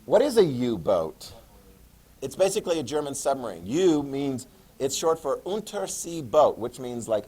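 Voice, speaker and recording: A man's voice: mid-range voice, very animated, a little slow, a little mellow, husky, rough recording. A male history teacher giving a class lecture, joking and making chatty asides to his students.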